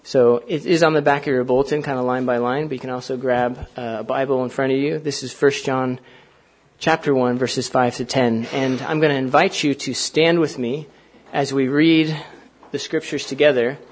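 A man preaching a sermon to a church congregation, talking in a conversational way with fillers and asides, and reading scripture aloud slowly. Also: mid-range voice, fairly even intonation. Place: church sanctuary.

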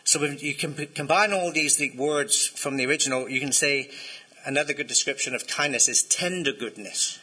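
Bright, husky-voiced male preacher. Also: on the high side, brisk, poor audio. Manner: conversational, asks the congregation to respond. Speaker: pastor. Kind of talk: sermon.

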